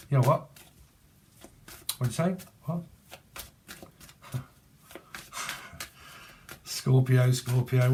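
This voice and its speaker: A British man in his forties gives a casual, rambling tarot reading, his medium-pitched voice a little mellow over a slight hiss or hum. He free-associates with jokes and puns, laughs often and swears casually.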